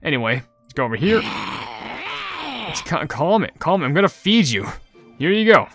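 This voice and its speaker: A young man casually commenting on his gameplay and reading viewer comments, chatty and rambling, getting loudly excited over loot. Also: high-pitched, normal speed, gravelly, husky, faint music behind. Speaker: gaming channel host.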